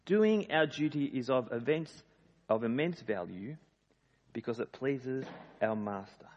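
A man's voice: medium pitch, lively intonation, unhurried, a little mellow. A man preaching a sermon in a conversational, emphatic way. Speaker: pastor. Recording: dull lo-fi sound in a reverberant hall.

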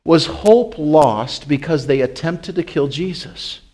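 A man preaching a sermon as pastor, asking his listeners question after question and swinging from loud, high calls to slow, hushed lines. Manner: asks the congregation rhetorical questions.

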